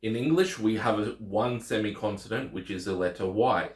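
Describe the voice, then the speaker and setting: A man's voice: fairly low pitch, normal speed, roomy sound. A man teaching the Greek alphabet in a casual lesson, patiently repeating each letter name.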